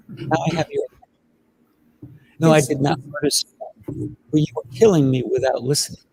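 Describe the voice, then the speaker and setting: A man's voice: on the high side, steady tone, moderate pace, gravelly, background noise. A man on a talk show panel, telling anecdotes in a playful storytelling manner. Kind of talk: panel discussion.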